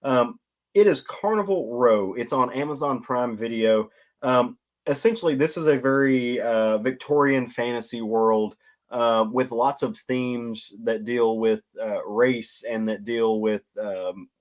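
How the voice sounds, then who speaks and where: A man's voice: medium pitch, a little slow. A man co-hosting a comics podcast in casual chat, rambling with many fillers. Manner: rambling, many ums and uhs. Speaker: podcast co-host.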